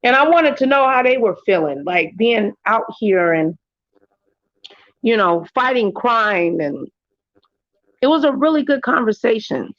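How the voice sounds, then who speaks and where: A woman's voice: unhurried, pauses often, no room sound, muffled recording. A woman hosting her own livestream, telling stories in casual chat and jumping into other voices for quotes. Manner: animated storytelling, jumps into high voices for quotes. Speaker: livestream host.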